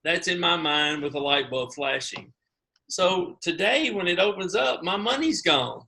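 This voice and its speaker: A man telling his own story on a video call, animated and poking fun at himself. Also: sits high, measured pace, vocal fry. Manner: animated, self-mocking, acts out his own reactions. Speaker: guest sharing his sales story.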